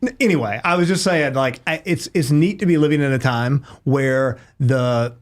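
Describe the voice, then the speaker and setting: A man talking casually as a podcast guest, animated and laughing easily. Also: mid-range voice. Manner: animated, quick, laughs often.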